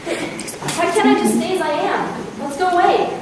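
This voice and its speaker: A woman's voice: very high-pitched, animated, normal speed, a crowd in the background. An actress on stage playing a frightened young bride who anxiously begs her father not to make her marry. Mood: pleading. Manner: pleading, anxious. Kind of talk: stage play performance. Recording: echoey hall taped from far off.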